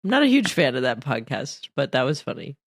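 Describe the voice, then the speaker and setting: A woman's voice: very deep voice, sing-song, brisk, no room sound, clean studio sound. A woman co-hosting a podcast, chatting casually and giggling. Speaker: podcast co-host. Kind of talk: casual chat.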